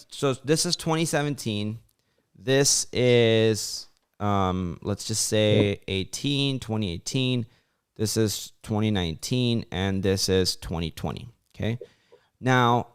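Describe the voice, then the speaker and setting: A young man hosting a laid-back livestream in a smooth, clear voice at a middle pitch. He talks loosely and chattily, leaning on "like" fillers and slipping into his friends' voices as he tells stories. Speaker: channel host on a livestream. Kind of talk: casual livestream talk.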